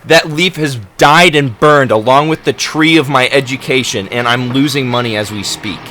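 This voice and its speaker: A man's voice: mid-range voice, normal speed, bright, forceful tone, faint music behind. A young man telling a story in an exasperated, dramatic and sarcastic rant. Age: young adult. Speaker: college student vlogger. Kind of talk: ranting storytelling vlog.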